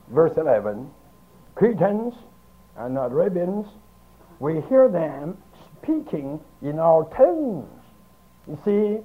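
A man preaching a sermon, teaching slowly and emphatically with long pauses between phrases. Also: a little high. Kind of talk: archival sermon. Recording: tinny phone-like archive recording.

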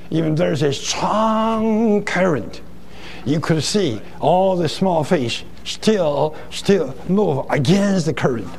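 A man giving a sermon, slow and deliberate, asking questions and answering them himself, with a gravelly voice. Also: a little high, a little mellow, a little hiss or hum.

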